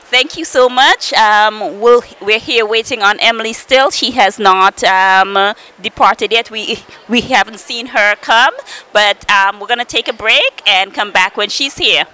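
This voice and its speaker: A woman's voice: mid-range voice, measured pace, bright, forceful tone, clear, resonant tone, poor audio. A woman working as a TV interviewer on location at an airport, upbeat and friendly, laughing often. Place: airport arrivals area.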